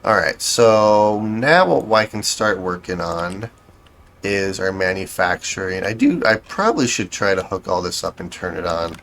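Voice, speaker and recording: A man's voice: low-pitched, expressive, a little slow, fairly bright tone, a little hiss or hum. A man giving casual gameplay commentary, thinking aloud as he builds, with a dry, self-correcting, sarcastic manner. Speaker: game streamer.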